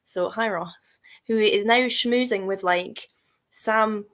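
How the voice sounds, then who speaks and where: A woman hosts a relaxed live-stream chat. She talks freely, giggles often and teases her guests. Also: medium pitch, slow. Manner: chatty and giggly, teasing. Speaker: host.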